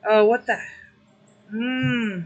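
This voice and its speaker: Young woman streamer, emotional and grateful, unhurried casual chat, fairly high voice. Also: steady tone, dull audio. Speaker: livestreamer.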